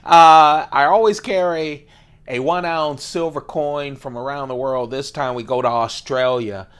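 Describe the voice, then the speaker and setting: A man's voice: fairly high pitch, fairly even intonation, measured pace, a bit bright, clear, resonant tone. A man hosting a casual show-and-tell vlog, playful and enthusiastic, chuckling often and drawing words out for emphasis. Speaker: host of an everyday-carry knife channel.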